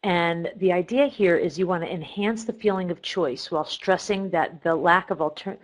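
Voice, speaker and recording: Low-voiced woman giving a therapy lecture. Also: moderate pace, low-quality recording. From Cleveland, Ohio. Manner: explanatory, with frequent ums and self-corrections. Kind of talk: recorded lecture presentation.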